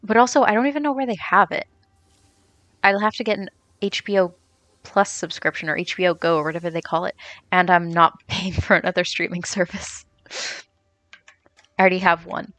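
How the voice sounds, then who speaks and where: A woman's voice: fairly low pitch, a little fast, long pauses, fairly bright tone, no room sound. A young woman streamer chatting casually and rambling as she answers viewers while she plays. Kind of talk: casual chat while gaming, reading chat.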